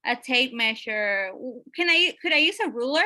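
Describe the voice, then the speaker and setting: Bright high-voiced woman teaching. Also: lively intonation, moderate pace. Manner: checks in with questions, many fillers. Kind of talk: teaching a math lesson.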